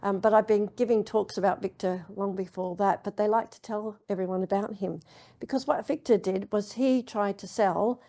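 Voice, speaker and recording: A woman giving a public lecture, telling anecdotes in a chatty way with many pauses and ums. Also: mid-range voice, warm tone. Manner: chatty storytelling with frequent ums. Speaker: university lecturer. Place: lecture hall.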